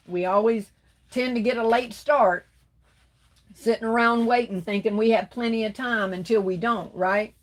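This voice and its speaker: A woman's voice: on the high side, moderate pace. A woman hosting a craft livestream, reading viewer comments aloud and chatting back with endearments like baby and darling. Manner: warm, affectionate, calls viewers baby and darling. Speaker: livestream host.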